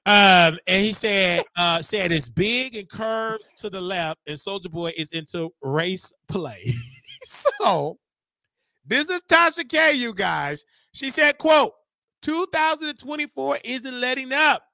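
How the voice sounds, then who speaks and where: Young guy hosting a live stream, gossipy and animated, bright voice, dry close mic. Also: high voice, takes it slowly, gravelly, no room sound. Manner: animated, gossipy, laughs a lot. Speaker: show host. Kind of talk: casual livestream commentary.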